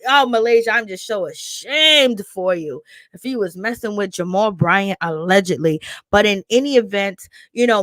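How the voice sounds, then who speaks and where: A woman rattles through reality-show gossip, animated and sassy. She slips in and out of quoted voices as she retells each scene. Her voice sits slightly high and sounds dry and close. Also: no echo. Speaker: reality TV commentator. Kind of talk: casual gossip commentary.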